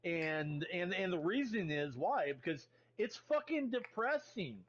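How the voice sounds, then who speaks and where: High-voiced man ranting over voice chat. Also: big pitch swings, unhurried, fairly bright tone, lo-fi sound. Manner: rambling, profane rant. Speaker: stream guest. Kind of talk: casual chat in voice call.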